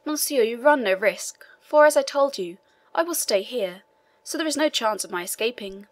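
A woman's voice: a little high, expressive, moderate pace, no echo, lightly acted. A woman voicing an imprisoned old male priest who earnestly insists on his hidden treasure and begs for his freedom. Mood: pleading.

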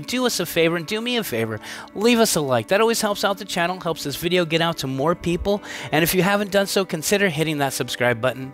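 A man's voice: mid-range voice, a bit bright. An enthusiastic man hosting a casual walkthrough of a home, chatty and upbeat, stumbling into restarts now and then. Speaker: home tour host. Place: inside a manufactured home at a show.

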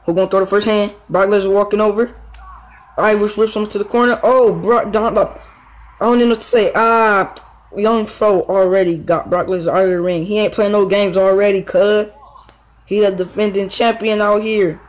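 A young man, a gaming YouTuber, speaks at normal speed in a high voice while commenting on his own wrestling video game bout. He's casual and slangy, excitedly narrating with fillers, on a low-quality recording.

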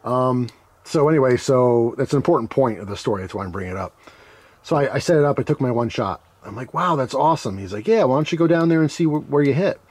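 A man's voice: medium pitch, lively intonation, fast, darkish tone, breathy edge. A middle-aged man casually telling a rambling childhood story, laughing and acting out the voices he quotes. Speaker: knife channel host.

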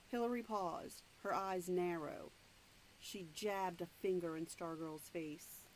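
A woman's voice: lowish voice, a little hiss or hum, poor audio. A woman reading a novel aloud, stopping now and then to explain the story in her own words. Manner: plain, unhurried read-aloud narration with asides. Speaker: reader.

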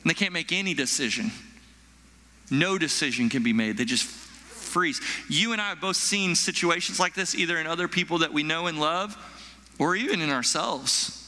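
A male pastor preaching a sermon to his church, animated, acting out frightened people with stammers and sighs. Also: a little high, moderate pace. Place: church hall. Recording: long echo of a large hall.

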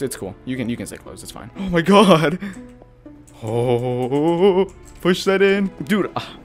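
Jumpy young man with a lively voice. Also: fairly high pitch. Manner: jumpy, excitable, swears a lot, says dude and bro. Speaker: gaming video creator. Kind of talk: horror game let's-play commentary. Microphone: headphones and desk mic.

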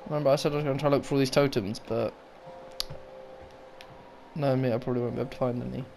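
A man's voice: medium pitch, fairly even intonation, quick pace, vocal fry, mellow, a little hiss or hum. A young man doing let's play commentary, swearing often and muttering sarcastically to himself. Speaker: gaming YouTuber.

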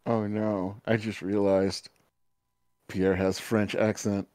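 A man playing a tabletop game and joking in relaxed banter. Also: on the low side, slow, noisy background. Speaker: player.

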